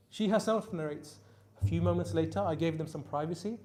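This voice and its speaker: A man preaching a Muharram sermon, telling stories with emphatic peaks that drop to soft, quiet lines. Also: on the high side, fairly quick. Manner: storytelling, rising to emphatic peaks then dropping soft. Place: mosque hall.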